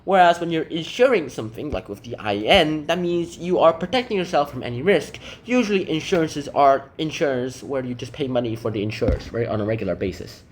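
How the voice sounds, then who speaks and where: A young man whose first language is Korean explains English vocabulary in a relaxed way, thinking aloud with hedges and asides. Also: a little high, brisk, hardly any pauses, a little hiss or hum. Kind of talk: casual explanation reading example passages aloud.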